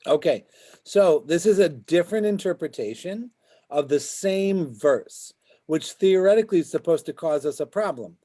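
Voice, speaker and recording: A man's voice: a little high, lively intonation, normal speed, dark tone. A man teaching a Talmud class as a rabbi, explaining the text and checking in with his students as he goes. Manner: explains as he goes, keeps asking "right?". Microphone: video call.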